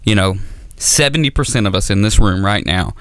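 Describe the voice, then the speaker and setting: A man doing a stand-up comedy set on stage, rambling and self-deprecating with dark humor. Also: on the low side, brisk, a crowd in the background.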